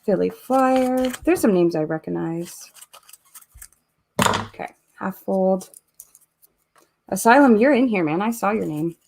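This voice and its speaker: A woman's voice: mid-range voice, animated, measured pace, gravelly, pauses often, a little mellow, a little hiss or hum. Chatty Canadian woman streaming live. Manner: chatty, reads viewer comments aloud while working. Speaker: host of a live giveaway stream. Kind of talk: casual live-stream chat.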